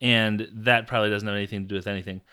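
A man's voice: fairly low pitch, fairly even intonation, very fast, sharp tone, clear, resonant tone. A young man co-hosting a casual podcast who rambles and stumbles over his words. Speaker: podcast co-host. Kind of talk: casual chat.

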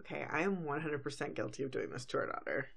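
A woman's voice: low-pitched, expressive, quick pace, creaky. A woman in her thirties, a podcast co-host, chatting casually as she recaps an episode and acts out lines.

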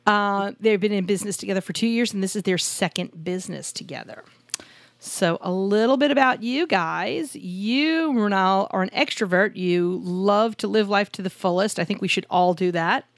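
A woman's voice: medium pitch, normal speed, dry recording. A woman co-hosting a podcast about couples in business, chatty and self-deprecating, joking as she introduces guests. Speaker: podcast co-host. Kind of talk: casual podcast chat. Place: home studio in Arizona.

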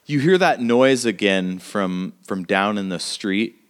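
A man's voice: fairly low pitch, lively intonation, slow pace, clear, resonant tone. A man narrating scenes as game master in a tabletop role-playing game, full of fillers. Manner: descriptive, with many fillers.

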